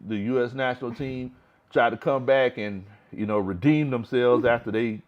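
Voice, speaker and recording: Man, about forty, relaxed sports livestream host, repeats himself. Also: mid-range voice, normal speed, lo-fi sound. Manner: relaxed, repeats words often as he talks. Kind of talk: casual fan livestream chat.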